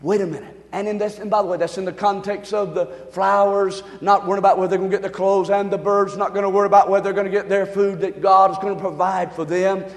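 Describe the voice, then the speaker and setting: A male pastor preaching a sermon to his congregation, swinging from quiet, hushed lines to loud shouting. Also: sits high, flat delivery, quick pace, hardly any pauses, in a large hall. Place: large church.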